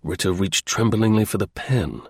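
Male narrator, measured audiobook reading, husky, gravelly. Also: lowish voice, a little mellow, no echo, studio quality.

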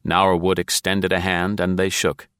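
A man narrating a suspense novel in a steady, measured audiobook reading. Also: deep voice, clear, resonant tone, no room sound, studio quality. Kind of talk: scripted narration.

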